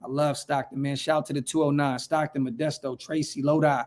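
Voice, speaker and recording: A hyped fan-channel host from Northern California reads and answers viewer comments on a casual livestream, his talk slangy and packed with repeated phrases. His voice is a little high for a man, with a darkish tone, little pitch movement and a slightly fast pace.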